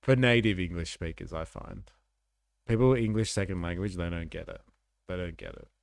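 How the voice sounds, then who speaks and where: A man's voice: sits low, fairly quick, vocal fry, dry recording, clean studio sound. A man hosting a live stream, chatting casually and reacting to clips with swearing and laughter. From Australia.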